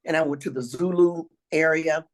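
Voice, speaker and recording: An older woman with a raspy voice, a retired teacher telling travel stories as an interview guest, now and then clearing her throat. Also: deep voice, steady tone, normal speed, rough recording. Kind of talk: storytelling interview answers.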